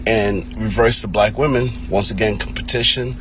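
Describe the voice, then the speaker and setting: A man's voice: fairly low pitch, fairly even intonation, moderate pace, pushed and bright, a little hiss or hum. A man giving emphatic, repetitive commentary with many restarts.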